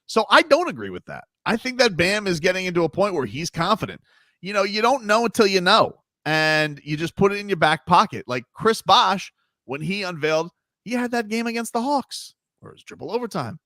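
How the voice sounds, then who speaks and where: A man hosting a sports talk radio show, emphatic and animated, swinging between loud and quiet. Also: sits high, a little fast, no echo, clean studio sound.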